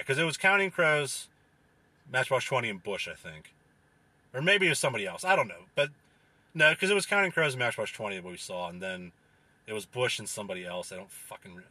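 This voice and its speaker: Young guy ranting, lots of swearing and filler, lively up and down pitch, kinda husky. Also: dry recording. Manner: profane, rambling, lots of fillers; mocks others in a whiny falsetto. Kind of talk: casual ranting monologue.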